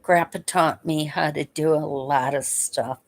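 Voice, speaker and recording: A woman telling stories from her past in a casual, unhurried way, chuckling now and then between memories. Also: deep voice, steady tone. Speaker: vlogger. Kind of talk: casual storytelling.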